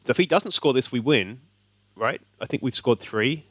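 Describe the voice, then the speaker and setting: Australian male let's-play host, mid-pitch, lively game commentary, cheers at the screen, dry close sound. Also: moderate pace, dry recording. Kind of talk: excited gameplay commentary.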